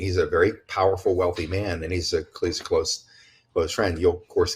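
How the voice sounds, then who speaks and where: A man talking in a casual podcast conversation, blunt and emphatic, rambling with restarts and swearing freely. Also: deep voice. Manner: rambling with frequent restarts and asides. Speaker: podcast guest speaker.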